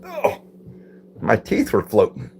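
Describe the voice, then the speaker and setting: Lively low-voiced man chatting on stream. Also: takes it slowly, gravelly, slight background noise. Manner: reads viewer comments aloud and answers them; repeats phrases while puzzling over them. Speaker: live streamer. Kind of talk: casual live-stream chat.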